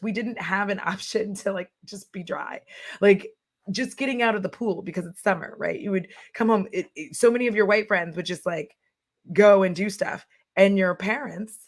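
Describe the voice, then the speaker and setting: A young adult woman hosting a casual livestream, talking emphatically, laughing often and acting out little quotes as she reads comments. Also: medium pitch. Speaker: livestream host.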